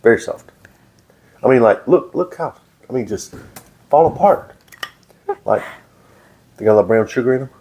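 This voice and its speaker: A man's voice: medium pitch, lively intonation, normal speed, pauses often, mellow, breathy edge. A man with a Southern US accent, the host's husband, joking around and tasting cookies in casual chat. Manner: playful, joking.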